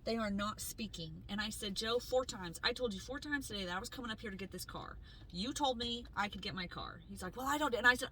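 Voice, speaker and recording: A woman co-hosting a podcast tells a story in casual chat, animated and swearing freely as she acts out what people said. She has a medium pitch and talks fast, and the poor audio carries a little hiss or hum.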